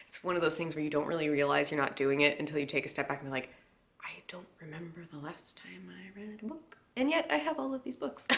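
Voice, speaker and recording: Excitable young woman chatting about books. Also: on the low side. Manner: excitable, rambling with fillers and laughs. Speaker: book vlogger. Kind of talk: casual vlog chat. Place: indoors at home by a bookshelf.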